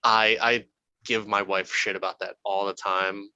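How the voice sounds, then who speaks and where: A man with a low voice and a bright, forceful edge joins a podcast film chat. He jokes and swears easily in a casual, bantering way. The sound is dry and close. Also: level tone, measured pace, clean tone, dry recording, lo-fi sound. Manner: joking, swears freely. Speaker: podcast co-host. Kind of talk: casual movie review chat.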